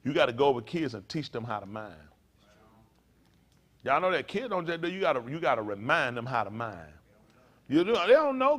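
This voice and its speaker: An older man preaching to a congregation, in a folksy, playful way with sudden loud bursts. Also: on the high side. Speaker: pastor.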